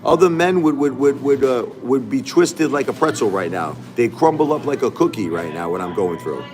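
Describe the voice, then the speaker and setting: A man's voice: mid-range voice, lively intonation, moderate pace, over music. A middle-aged man hosting a casual livestream, talking back to his chat in an emphatic, repetitive way. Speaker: livestream host.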